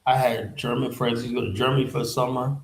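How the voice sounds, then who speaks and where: A man's voice: medium pitch, steady tone, fast, creaky, poor audio. A man hosting his own commentary channel, ranting heatedly and mocking the people he argues against with sarcastic quotes. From United States. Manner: heated, sarcastic, mocks opponents in put-on quotes. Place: in Liberia, West Africa.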